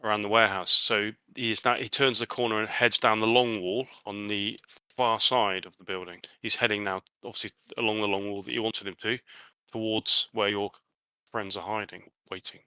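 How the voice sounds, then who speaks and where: A man narrating a tabletop horror game as game master, halting often with fillers and restarts. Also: on the low side, steady tone, sharp tone, smooth, no room sound, low-quality recording.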